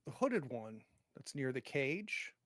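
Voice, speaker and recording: A man narrating a tabletop game as game master, in vivid, animated storytelling. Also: medium pitch, slow pace, dry recording, clean studio sound.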